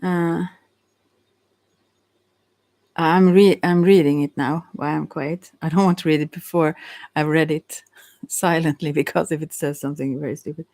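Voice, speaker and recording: A woman with a Swedish accent, speaking English as a second language in a halting, casual chat, often correcting herself and laughing. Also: low-pitched, steady tone, a little mellow. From Sweden. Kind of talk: casual one-sided chat, reading aloud.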